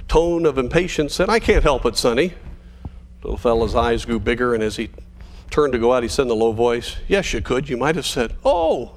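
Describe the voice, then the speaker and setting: Earnest man preaching a sermon. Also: mid-range voice. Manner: earnest, exhorting, tells illustrative stories. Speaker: pastor.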